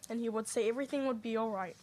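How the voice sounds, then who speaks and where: A woman with a somewhat high voice gives a eulogy for her uncle in a chapel, with faint noise underneath. She speaks in a soft, measured way and leaves long pauses between her thoughts. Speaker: niece giving a eulogy. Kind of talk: eulogy at a family funeral service. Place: funeral home chapel.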